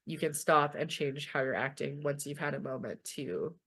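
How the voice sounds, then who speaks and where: A woman's voice: low voice, moderate pace, a bit bright, slightly rough. A young Canadian woman presenting a webinar from home, talking informally and often checking in with "okay?". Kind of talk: online webinar lecture.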